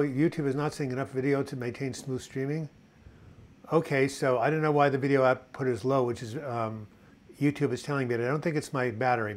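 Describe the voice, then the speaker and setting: A man in his sixties hosting a casual live video chat, reading viewer comments and telling corny jokes and puns. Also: medium pitch. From United States. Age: 60s. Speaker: host of a live video chat on mental health.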